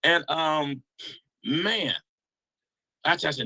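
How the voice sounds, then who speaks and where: A man spins a long story as an interview guest, slangy and animated. His low voice is gravelly and raspy but bright. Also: brisk, rough recording.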